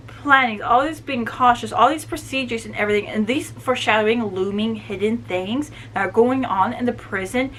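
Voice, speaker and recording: A woman talks through a book's plot in a relaxed vlog recap, her voice sitting a little high. She is chatty and animated and leans on "like" as she goes. A faint hum of room noise sits under her voice. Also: low-quality recording. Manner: chatty and animated, many "like" fillers. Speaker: book reviewer. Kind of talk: casual book review recap.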